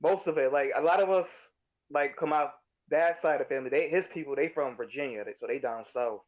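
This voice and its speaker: A man's voice: a little high, fairly quick. Young man from Connecticut, emphatic casual co-host, dull lo-fi recording. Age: young adult. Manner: emphatic, casual, says "you know" a lot. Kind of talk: casual podcast chat. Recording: dull lo-fi audio.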